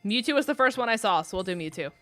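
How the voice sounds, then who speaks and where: A woman's voice: mid-range voice, animated, racing, a bit bright, soft background music. A young adult woman chatting casually with her live-stream audience, rambling with many ums and likes.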